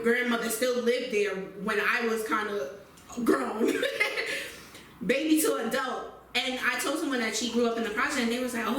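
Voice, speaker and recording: A woman's voice: a little high, far from the mic, slight background noise. Easygoing woman in an echoey room. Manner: relaxed, laughing, backs up her co-host. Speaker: podcast co-host. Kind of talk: casual chat.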